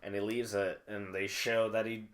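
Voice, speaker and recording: A low-voiced podcast co-host chats about films in a loose, animated way. He fills his talk with "like" and "you know" and laughs easily. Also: normal speed, crowd noise. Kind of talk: casual film discussion.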